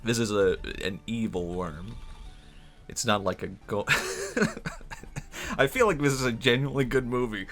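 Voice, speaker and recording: A man streaming a game, riffing in an excitable, rambling way and laughing at his own ideas. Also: medium pitch, measured pace, long pauses, faint music behind. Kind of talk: casual gameplay commentary.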